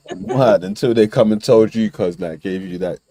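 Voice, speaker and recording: A man's voice: on the low side, measured pace, dark tone, no room sound, poor audio. A young man hosting a casual panel debate, full of slang, laughing often and mimicking people. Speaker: debate show host.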